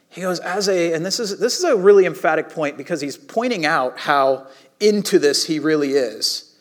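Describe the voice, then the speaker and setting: A man preaching a sermon in a casual, conversational way, with animated asides to the congregation. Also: fairly high pitch, moderate pace. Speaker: pastor.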